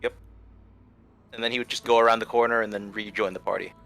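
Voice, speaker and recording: A man with a bright, forceful voice describes his character's moves in a tabletop game. He rambles loosely, with lots of likes and uhs. Faint music sits underneath. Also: fairly low pitch, steady tone, quick pace, creaky. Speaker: player. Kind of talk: casual chat describing a character's actions.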